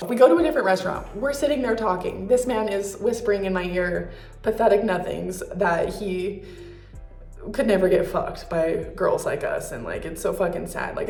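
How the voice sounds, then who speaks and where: A woman's voice: mid-range voice, expressive, fairly quick, darkish tone, roomy sound, faint music behind. A young woman vlogger telling a story in a candid, profane, casual way with lots of fillers.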